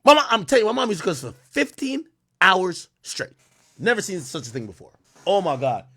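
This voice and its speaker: A young man ranting on a livestream, animated and profane, with frequent restarts. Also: high voice, fairly quick, breathy edge, no echo. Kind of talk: casual livestream rant.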